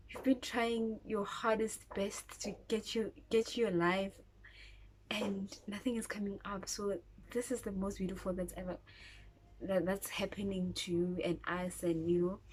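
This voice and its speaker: A woman's voice: mid-range voice, a little mellow, slight background noise, lightly acted, poor audio. A woman voicing her delighted, supportive middle-aged mother, gushing and reassuring.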